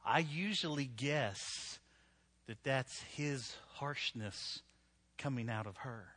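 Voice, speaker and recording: A man's voice: mid-range voice, measured pace, pauses often, bright, forceful tone. A middle-aged man preaching a humorous sermon to a live church audience, joking and talking conversationally, often checking in with "right?". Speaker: pastor.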